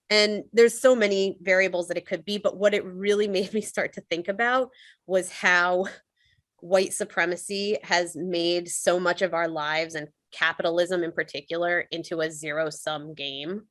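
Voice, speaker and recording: A woman's voice: on the low side, fairly even intonation, normal speed, a bit bright, no room sound. Woman, earnest, chatty reflective sharing, dry close sound. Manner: earnest, conversational, many fillers.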